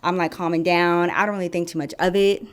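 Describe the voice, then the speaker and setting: A woman vlogger telling a story in a casual, sassy, animated way, acting out the dialogue. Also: lowish voice, fast.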